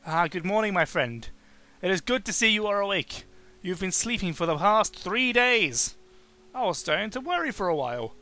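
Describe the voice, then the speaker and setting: A man's voice: high-pitched, lively intonation, normal speed, bright, forceful tone, soft background music, full character voice. A man voicing a kindly, courteous adult male caretaker in a game, speaking formally and reassuringly. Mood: welcoming. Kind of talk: reading game dialogue aloud.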